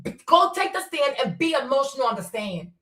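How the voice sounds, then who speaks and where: Far from the mic on a streaming setup, a woman with a high, fairly bright voice delivers brisk, very animated, impassioned commentary. She's blunt and profane, firing off one rhetorical question after another, and the recording sounds roomy.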